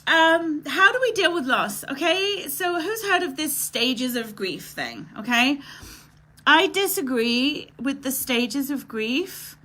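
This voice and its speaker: Bright-voiced emotional woman hosting a live stream. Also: high voice, big pitch swings, slow pace. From Canada. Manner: emotional, chatty, greets viewers by name, often tearful. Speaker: live show host. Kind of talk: casual live-stream chat.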